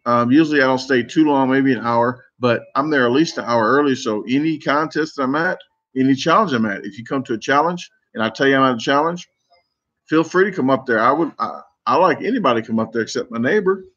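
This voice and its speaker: Brief: man, mid-pitch voice, casual live stream chat, rambling stories, muffled lo-fi audio. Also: brisk, fairly bright tone. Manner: rambling, self-interrupting storytelling. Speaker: competitive eater streamer.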